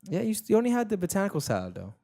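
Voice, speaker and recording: A man's voice: sits high, huge pitch swings, rapid-fire, creaky, mellow. A young man hosting a casual podcast chat, rambling and slangy, often repeating himself. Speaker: podcast host.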